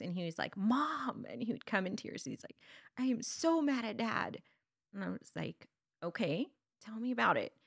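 A woman's voice: lowish voice, creaky, dry recording, clean studio sound. A woman in a casual conversation as a guest, telling parenting stories and acting out the dialogue as she goes. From Texas. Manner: lively storyteller, acts out dialogue.

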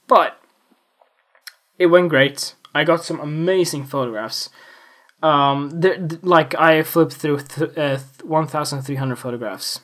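A man's voice: on the high side, unhurried, fairly bright tone. A young man hosting a casual solo podcast into a desktop USB microphone, rambling with frequent restarts and joking boasts. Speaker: podcast host.

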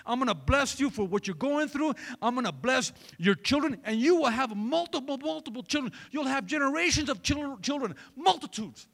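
A man's voice: very high voice, animated, normal speed, vocal fry, hardly any pauses, a bit bright, voice pushed up, exaggerated voice. A man voicing an angel of God who gives an emphatic, reassuring promise. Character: angel of God giving comfort.

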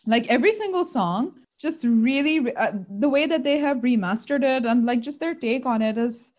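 A woman's voice: high-pitched, expressive, moderate pace, darkish tone. Earnest rambling woman chatting. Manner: earnest, rambling, many fillers. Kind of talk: casual chat.

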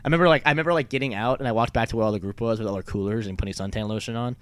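In casual chat, a young man tells a rambling story full of fillers and swearing. His voice is lowish and smooth, he talks at a racing pace, and there's no echo.

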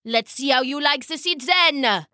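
A woman's voice: high-pitched, unhurried, bright, forceful tone, no echo, clean studio sound, pitched above the performer's own voice. A woman playing a shrieking, greedy king. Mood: furious. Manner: shrieking, blustering. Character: greedy raging male king.

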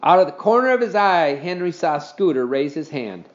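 A man narrating a children's storybook in an animated, expressive reading style. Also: fairly high pitch, moderate pace, dull audio. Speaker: audiobook reader.

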